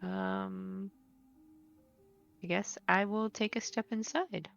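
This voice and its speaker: A woman playing a tabletop game, hesitant and soft-spoken. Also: mid-range voice, fairly even intonation, slow pace, gravelly, lo-fi sound. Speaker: player.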